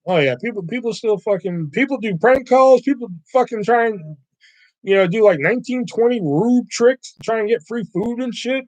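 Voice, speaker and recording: A man's voice: high voice, lively intonation, a little fast, darkish tone, dry recording. A man on a livestream telling rambling, profane stories, often acting out callers. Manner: profane, rambling, quotes callers in shifting voices. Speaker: livestream host. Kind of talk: casual storytelling chat.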